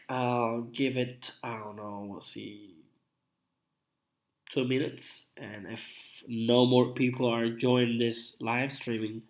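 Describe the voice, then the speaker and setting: Slow-talking sick Italian man. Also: medium pitch, level tone. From Italy. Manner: slow, repetitive, drawn-out. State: sounding sick. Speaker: live streamer. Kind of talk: casual live stream chat.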